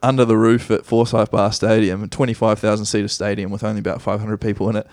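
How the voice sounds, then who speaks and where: A man's voice: lowish voice, level tone, quick pace, a little mellow, no echo. A man with a New Zealand accent, a podcast guest telling rambling, self-correcting stories about his soccer career in a casual, easy way.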